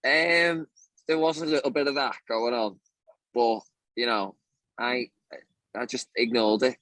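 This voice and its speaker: A Northern English man chats as a band guest, joking about himself with an easy grin in his voice. His pitch is mid-range, and the sound is close and dry. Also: steady tone, unhurried, fairly bright tone, no echo. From north of England. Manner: joking, self-mocking. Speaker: band member. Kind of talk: casual interview.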